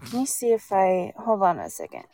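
Calm, relaxing-voiced woman on the line. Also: mid-range voice, normal speed, a little hiss or hum. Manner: soft-spoken and laid-back. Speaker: caller on the phone line. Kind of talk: casual chat.

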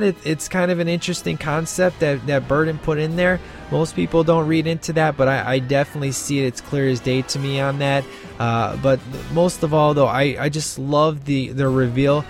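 Rambling man reviewing a film. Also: a little high. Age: adult with a child. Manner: rambling, lots of fillers and restarts. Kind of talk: casual film commentary.

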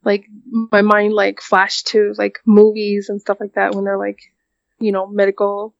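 A young woman tells a painful personal story in a halting way, leaning on fillers and restarting her sentences. Her voice sits at an ordinary middle pitch. It is recorded dry and sounds a little muffled. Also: completely flat delivery, gravelly, no echo, faint music behind. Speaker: guest recounting a personal experience.

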